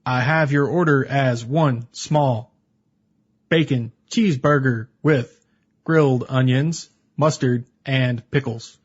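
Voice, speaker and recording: A stone-faced fast-food cashier who reads every order back in a flat, overly formal manner, as a man puts him on. He speaks slowly and deliberately. The sound is a little dull and lo-fi. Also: mid-range voice, slightly rough.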